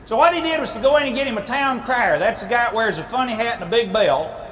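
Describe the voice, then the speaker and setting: High-voiced guy spinning a goofy fairy tale, folksy, makes sound effects, noisy room. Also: quick pace, a bit bright, in a large hall. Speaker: speaker at church ladies' night. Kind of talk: comic storytelling.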